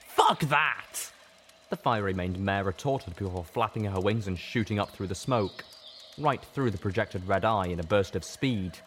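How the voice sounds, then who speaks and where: Man reading fan fiction aloud, very low voice, measured storytelling, faint background hiss. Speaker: audiobook reader. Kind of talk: first-person fan fiction narration.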